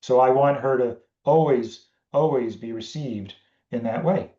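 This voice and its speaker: A man's voice: mid-range voice, unhurried, echoey room, lo-fi sound. A man hosting a podcast, explaining a family communication tool in a casual teaching talk and acting out conversations with his daughter. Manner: animated, acts out family conversations. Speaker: podcast host.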